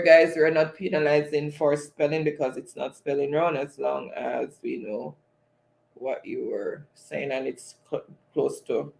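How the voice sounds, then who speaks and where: Gravelly Jamaican man hosting a quiz. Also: a little high, darkish tone. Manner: reads chat aloud, laughs often. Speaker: livestream quiz host. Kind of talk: casual livestream chat.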